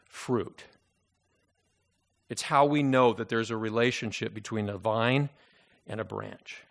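A man preaching a sermon as pastor, reading scripture aloud and slowing down to stress key phrases. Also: fairly low pitch, steady tone, creaky.

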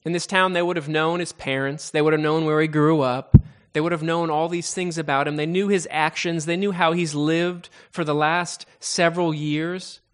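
Male preacher, a touch high-voiced, telling a Bible story with drama and many stammered restarts. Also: steady tone, normal speed, clean tone. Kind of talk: sermon storytelling.

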